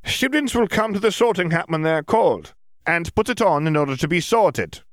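A man voicing a tiny elderly wizard teacher in an audiobook, high formal announcing voice, dry close sound. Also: big pitch swings, brisk, no echo.

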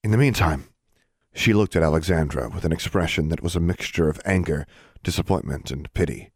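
A male narrator reads a story in a steady, even voice. His tone is very low and somewhat husky. The recording is dry and close, with no room around it. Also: a little fast, no room sound. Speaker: audiobook narrator. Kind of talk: scripted narration.

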